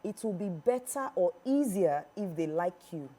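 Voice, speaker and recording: A woman with a Nigerian accent, a public speaking trainer, answering interview questions in a lively way and often acting out quoted voices. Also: fairly low pitch, moderate pace. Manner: animated, acts out quoted voices.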